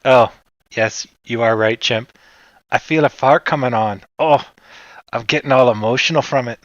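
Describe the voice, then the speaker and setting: A man from Canada hosting a casual livestream, rambling in a relaxed way and answering his chat. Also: medium pitch, moderate pace, no echo, lo-fi sound. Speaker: livestream host.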